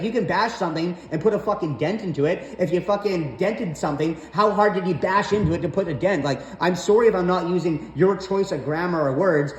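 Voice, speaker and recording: A man's voice: a little high, a little mellow. Profane, rambling man in an echoey room. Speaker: storyteller vlogger. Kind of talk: casual storytelling rant. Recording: roomy echo, faint background noise.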